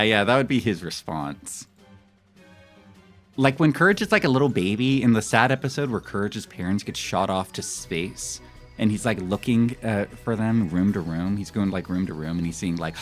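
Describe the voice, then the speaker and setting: A man in his thirties with a low-pitched voice rambles casually to his stream viewers. His pitch swings widely as he gets animated and laughs along with his own stories. Soft music plays faintly behind him. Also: fairly quick. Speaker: live streamer.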